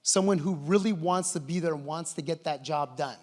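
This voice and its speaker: A middle-aged man speaking from a conference stage, telling stories with lively enthusiasm. His voice sits somewhat high for a man. A long reverb from the large hall trails every phrase. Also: brisk. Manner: enthusiastic storytelling, animated. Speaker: conference presenter. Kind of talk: conference keynote talk.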